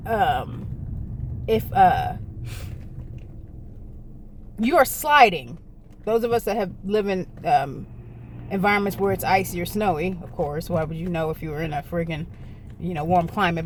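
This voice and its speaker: A female vlogger tells her viewers a casual storytime, rambling and correcting herself as she goes while addressing them directly. Her voice is mid-range, with a little hiss or hum in the recording.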